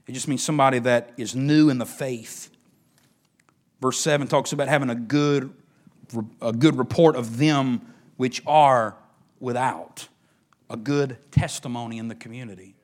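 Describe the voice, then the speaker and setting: A middle-aged man, preaching a sermon as pastor, swinging between emphatic rises and hushed near-whispers. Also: medium pitch, steady tone, normal speed.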